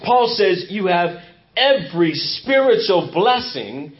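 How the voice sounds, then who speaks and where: A pastor delivering a sermon in a church with an emphatic, repetitive preaching cadence. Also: male voice, high voice, very animated, slow. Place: church sanctuary. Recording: muffled lo-fi church recording.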